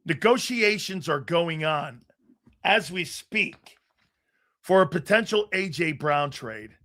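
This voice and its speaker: An excitable male sports show host talking in a high, bright, cutting voice. He is loud and profane, tells stories in quick bursts with restarts, and breaks into shouts when something excites him. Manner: rapid storytelling with restarts. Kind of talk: live sports talk show.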